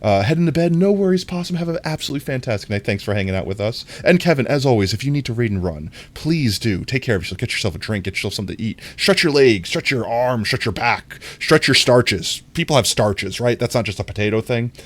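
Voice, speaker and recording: A young man chatting casually on a gaming livestream, rambling and correcting himself, and getting excited when he greets viewers. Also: medium pitch, quick pace, few pauses. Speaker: streamer.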